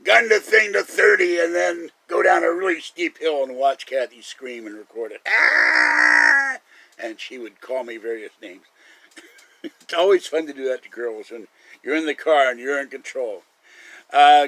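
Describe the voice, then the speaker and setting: A man's voice: mid-range voice, normal speed, vocal fry, fairly bright tone, no echo, poor audio. A man hosting a live stream, rambling through casual stories and chuckling often. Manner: chatty storyteller, chuckles often.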